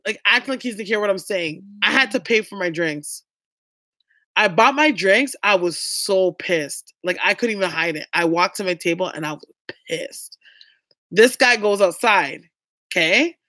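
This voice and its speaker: A woman's voice: mid-range voice, expressive, moderate pace, pushed and bright, no room sound, clean studio sound. A young woman vlogging, telling a story to her viewers in a blunt, chatty way and swearing freely.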